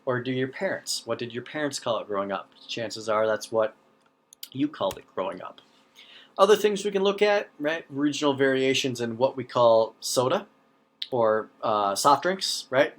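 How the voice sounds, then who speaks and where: A man's voice: mid-range voice, moderate pace, a bit bright. A middle-aged man from the North Central United States with an Upper Midwest accent and long O's, lecturing in a conversational way, often checking in with "right?" and restarting his sentences. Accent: Upper Midwest American. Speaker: teacher. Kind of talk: recorded lecture.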